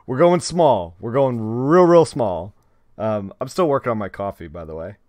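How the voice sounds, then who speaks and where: A man's voice: medium pitch, lively intonation, moderate pace, darkish tone, no echo. A young man chatting casually with his viewers on a live stream, rambling and talking straight to them.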